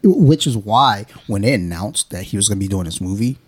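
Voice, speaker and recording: A man's voice: on the low side, animated, fairly quick, husky. A young man hosting a podcast, talking casually in a rambling, profane, joking way with lots of fillers. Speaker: podcast host. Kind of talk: casual chat.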